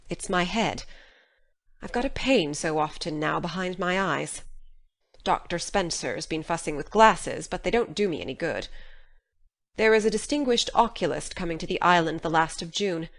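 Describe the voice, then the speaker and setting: A woman voicing a practical older countrywoman, stern but caring, speaking in a lowish, plain and matter-of-fact way. Her speech is homespun and measured, as in a radio drama. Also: close to an everyday voice. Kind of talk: full-cast audiobook drama.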